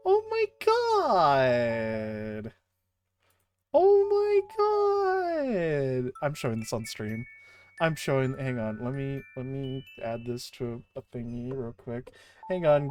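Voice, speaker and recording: A woman streamer chatting casually on a livestream, gushing and excitable, often restarting her sentences. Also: rumbling low.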